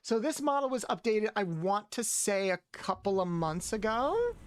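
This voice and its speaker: A man's voice: high voice, very animated, moderate pace, smooth. A man streaming a video game, chatting playfully with his viewers in a loose, rambling way. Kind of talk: casual gameplay commentary. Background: faint game music.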